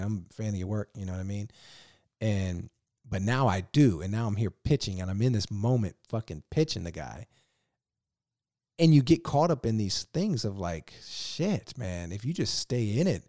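A man from Virginia telling animated stories as a podcast guest, cursing freely in casual chat. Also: fairly low pitch, dry recording, studio quality. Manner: animated, profane, laughing storyteller. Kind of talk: casual storytelling.

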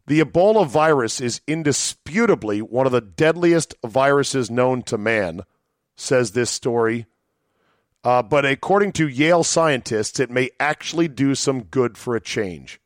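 A man's voice: medium pitch, expressive, measured pace, no room sound, clean studio sound. A man hosting a solo podcast, talking in a sardonic, rambling way with chuckling asides. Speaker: podcast host.

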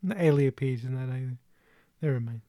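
A man's voice: medium pitch, brisk, dark tone, no echo, clean studio sound. A man in his twenties hosting a casual movie chat, chatty, with lots of fillers and laughter. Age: 20s. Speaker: movie reaction host.

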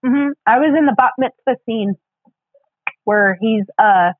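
A woman in a laid-back chat, her voice a little higher than most and full of easy fillers. The sound is dry and thin, like a phone line. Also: a little slow, no room sound. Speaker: podcast guest, background actor. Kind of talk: casual chat.

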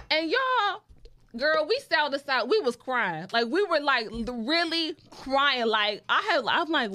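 Woman, 30s, animated storyteller, slightly high voice, very lively pitch. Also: measured pace. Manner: animated storyteller, talks straight to the audience as y'all. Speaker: guest. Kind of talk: casual chat.

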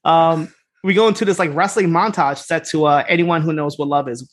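A man co-hosting a podcast, casually recapping a TV episode and acting out its dialogue in quick bits. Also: a little high. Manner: animated retelling, acts out scene dialogue. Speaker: podcast co-host.

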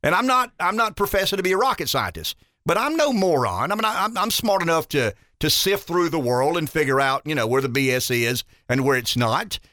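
A rural Southern man hosts a talk radio show in a lively, up-and-down voice. His tone is bright and forceful, and he is emphatic and folksy, doubling back on words as he builds each point. The studio sound is close and dry. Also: a little high, brisk, few pauses, no echo. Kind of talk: opinionated talk radio commentary.

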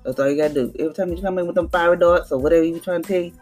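A woman's voice: lowish voice, steady tone, very fast, darkish tone, soft background music. A woman hosting a podcast devotional, teaching in a casual, conversational way and acting out little voices. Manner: conversational, preachy, acts out voices with laughs.

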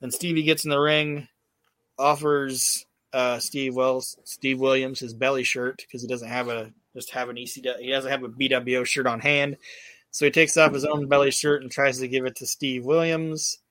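A man hosts a laid-back podcast, recapping events in a loose, rambling way full of swearing, fillers and false starts. His voice sits at an ordinary pitch and is recorded dry and close. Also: little pitch movement, normal speed, a bit bright, no echo. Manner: rambling, profane storytelling with many fillers and restarts. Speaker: podcast host. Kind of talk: casual recap chat.

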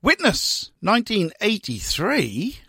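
A man's voice: huge pitch swings, slow pace, vocal fry, pushed and bright, slightly rough, no echo. A man hosting a ska radio show, chatting casually and a little rambling between songs, putting on a posh radio voice, in a studio. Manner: rambling, chatty, with playful pitch jumps; says he is doing a posh radio voice. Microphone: studio broadcast mic.

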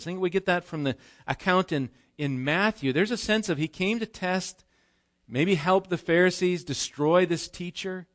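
A man's voice: high voice, fairly bright tone. Man preaching a conversational sermon. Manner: conversational, explanatory preaching with restarts and rhetorical questions. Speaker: pastor. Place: church.

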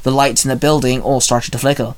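A man's voice: medium pitch, little pitch movement, brisk. A man reading a fan story aloud in a casual way, with small slips and restarts.

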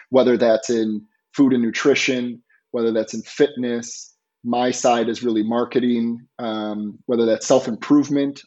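A man's voice: mid-range voice, a little mellow, dull audio. A man speaking as a podcast guest, explaining ideas in a casual interview with frequent fillers.

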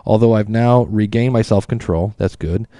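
A man with a low, mellow voice hosts a podcast as a casual monologue. He is chatty and self-deprecating. The sound is dry and close. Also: normal speed, no room sound. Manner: chatty and self-deprecating, reads listener emails aloud. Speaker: podcast host.

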